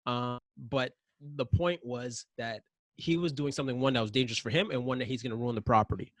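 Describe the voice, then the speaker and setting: A man, a podcast guest, telling casual anecdotes in an animated way, acting out his own raised voice. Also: medium pitch, fairly quick, dry recording, studio quality. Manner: animated, acts out yelling in anecdotes. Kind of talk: casual interview storytelling.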